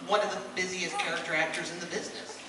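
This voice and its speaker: High-voiced male moderator in an echoey hall. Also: flat delivery, quick pace, sharp tone, far from the mic, a little hiss or hum. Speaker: panel moderator. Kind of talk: interview questions. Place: convention hall on stage.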